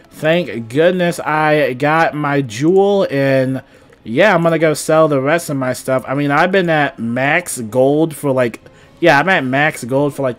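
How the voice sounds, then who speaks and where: A young man casually chatting about game news on his channel, rambling with lots of fillers and restarts. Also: mid-range voice. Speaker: gaming YouTuber. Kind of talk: casual gaming news chat.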